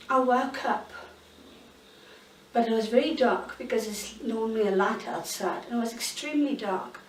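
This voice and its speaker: A woman's voice: fairly high pitch, a little hiss or hum. Woman in her sixties, roomy. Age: 60s. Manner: candid, halting, searching for words. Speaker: interviewee. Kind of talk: personal account in an interview. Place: bedroom in her own home. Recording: roomy sound, mic at a distance.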